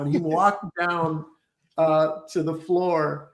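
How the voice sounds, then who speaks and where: Animated comedian telling stories, roomy sound. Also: male voice, on the high side, takes it slowly. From Detroit, Michigan. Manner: animated, lots of voices and laughs. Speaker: comedian guest. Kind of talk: storytelling with impressions. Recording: roomy echo.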